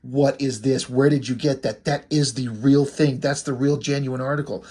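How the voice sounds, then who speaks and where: A man's voice: mid-range voice, fairly even intonation, normal speed, warm tone, husky, close to an everyday voice. A man voicing a stern woman sorceress, speaking in an alarmed, disbelieving way.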